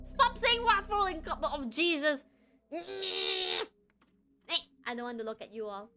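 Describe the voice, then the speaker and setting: A young woman from Malaysia chatting casually on a live stream, excitable and often breaking into laughter. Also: sits high, unhurried, a little hiss or hum.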